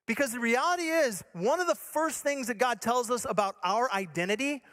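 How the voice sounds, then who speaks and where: High-voiced pastor from Michigan preaching earnestly. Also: male voice, brisk. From Michigan, USA. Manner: earnest, moving from emphatic to soft and low. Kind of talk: sermon.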